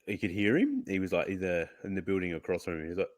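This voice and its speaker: A man co-hosting a casual gaming podcast, telling animated stories about online matches. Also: deep voice, fast talker, no echo, clean studio sound. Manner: animated storyteller who acts out other players' voices. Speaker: podcast co-host.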